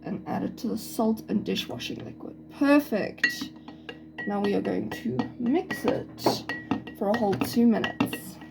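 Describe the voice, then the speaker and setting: A woman's voice: a little high, a little slow, creaky, over music, low-quality recording. Chatty young South African woman. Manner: chatty, giggly, thinks aloud. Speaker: student doing a science experiment. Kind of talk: casual narration of a home experiment. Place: home kitchen. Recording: kitchen clatter of dishes and cutlery audible.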